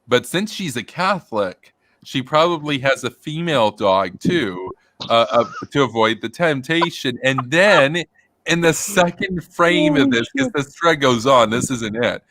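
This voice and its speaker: A man's voice: mid-range voice, expressive, unhurried, bright, forceful tone, dry recording. A man hosting a casual stream, retelling a story in a rambling way and laughing often. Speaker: political commentary streamer.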